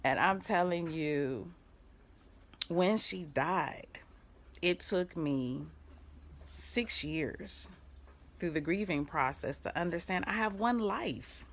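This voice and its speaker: A middle-aged woman life coach giving an animated, storytelling motivational talk on a live video. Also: fairly low pitch. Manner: animated storytelling with quick bursts of laughter; breaks off to give firm commands.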